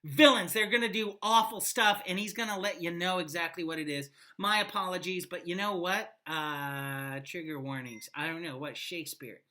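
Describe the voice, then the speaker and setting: A woman teacher giving a classroom lecture on a play, talking emphatically and animatedly with quiet asides. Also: fairly low pitch, normal speed, few pauses.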